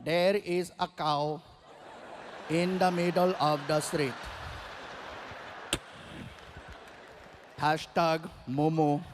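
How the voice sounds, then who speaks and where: A comedian voicing a patient, formal male taxi driver, hesitant with little pauses. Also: a little high, steady tone, noisy background, pitched below the performer's own voice. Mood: matter-of-fact. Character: polite, unflappable male Indian taxi driver.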